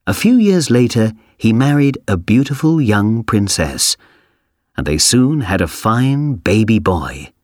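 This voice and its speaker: A man reading a story aloud for a language textbook, slowly, clearly and expressively. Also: fairly low pitch, sing-song, no room sound, studio quality. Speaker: audio reader for a textbook. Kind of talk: scripted storybook narration.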